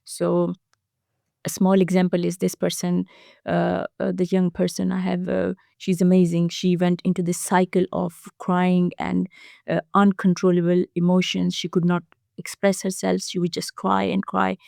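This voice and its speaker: Low, gravelly-voiced foster carer woman. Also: monotone, mellow, no room sound, clean studio sound. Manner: earnest, halting with frequent fillers and restarts. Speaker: foster carer, podcast guest. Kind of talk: casual podcast conversation.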